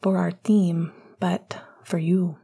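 A woman voicing a young male hockey captain in a lover's scene, in breathy whispered murmurs. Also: on the low side, little pitch movement, slow pace, warm tone, exaggerated voice. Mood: breathless.

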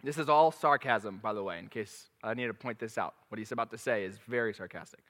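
A man preaching a sermon, reading scripture aloud with animated, dramatic emphasis. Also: fairly low pitch, brisk, long reverb tail.

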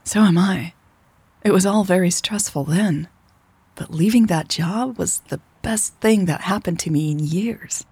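A woman doing a soft-spoken, tender young woman lover. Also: on the low side, a little slow, husky, dry recording, heavily acted. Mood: pensive.

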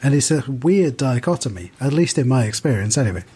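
British podcast co-host, mid-pitch male voice, loose rambling delivery with lots of restarts. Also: expressive, a little fast, dark tone, breathy edge. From United Kingdom. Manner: thoughtful, rambling with many restarts and fillers. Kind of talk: casual podcast discussion.

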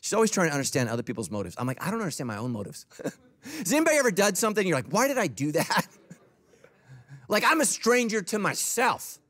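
A man's voice: high-pitched, wildly swooping pitch, brisk, fairly bright tone. A middle-aged man preaching a sermon as a pastor, humorous and conversational.

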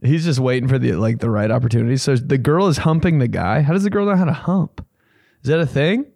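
Young male comic host, fry in the voice, dry studio sound, swears a lot and acts out the bits. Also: quick pace, a little mellow, no room sound. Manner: profane, rambling, acts out voices with big pitch jumps. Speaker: comedian podcast host. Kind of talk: casual comedic storytelling.

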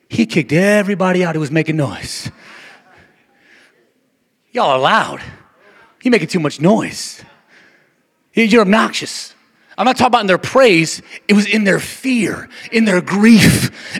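A male pastor preaching a passionate sermon, with a repetitive, rhythmic cadence that swings from shouting down to near-whispers. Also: high voice, husky. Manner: repetitive, call-and-response cadence. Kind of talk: Easter Sunday sermon.

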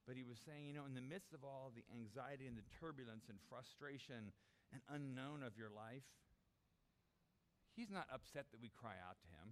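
A man's voice: mid-range voice, a bit bright. A man preaching a sermon, acting out the disciples' pleas in a raised voice. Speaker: pastor.

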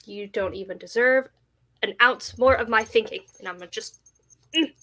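A woman playing a tabletop game, speaking slowly and deliberately. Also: fairly high pitch, bright, forceful tone. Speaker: player.

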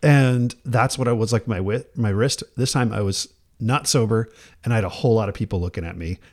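A man on a casual podcast telling an animated story, acting out the people in it and laughing often. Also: fairly low pitch, brisk. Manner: acts out quoted voices, laughs often, restarts. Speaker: podcast co-host.

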